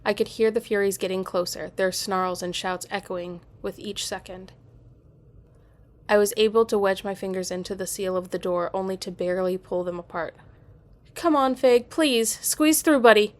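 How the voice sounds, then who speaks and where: A woman's voice: mid-range voice, little pitch movement, normal speed. Woman narrating a first-person story. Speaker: storyteller and author.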